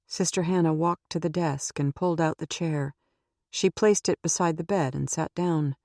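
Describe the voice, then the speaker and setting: A woman reading a suspense audiobook in a steady, measured way into a close microphone. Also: low-pitched, no room sound. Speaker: audiobook narrator. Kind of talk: scripted audiobook narration.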